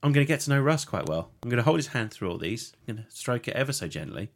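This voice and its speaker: A man's voice: medium pitch, sing-song, fast talker. A man hosting a casual podcast, jokey and loose, laughing at his own slips. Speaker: podcast host.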